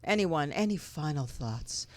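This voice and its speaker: A woman's voice: sits low, lively intonation, unhurried, no room sound. A woman hosting a casual podcast chat, teasing her guests and steering the talk along. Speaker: podcast host.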